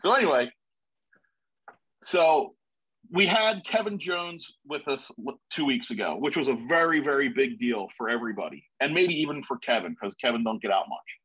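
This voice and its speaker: A man, a panel guest, telling a rambling, excitable story in a casual way with many restarts. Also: mid-range voice, normal speed, husky, low-quality recording.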